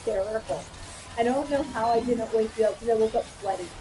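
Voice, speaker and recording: High-voiced woman telling animated stories. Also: brisk, slight background noise, low-quality recording. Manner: animated storyteller, swears freely, acts out quotes. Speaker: streamer. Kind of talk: casual chat while gaming.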